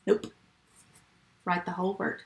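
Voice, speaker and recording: A woman teaching a first grade phonics lesson remotely, patient and step by step. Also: reverberant. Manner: slow, patient, step-by-step teaching to young children.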